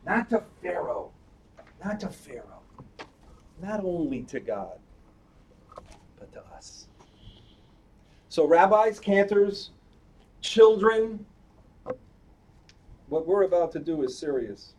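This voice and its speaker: An elderly cantor in his eighties tells a chatty, playful story during a service, pausing to quiz the children. His voice sits a little higher than most men's. It was caught by a mic some distance away, with a faint hiss of background noise. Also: lively intonation, a little mellow. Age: 80s. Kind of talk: storytelling sermon to a congregation. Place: synagogue sanctuary during a service.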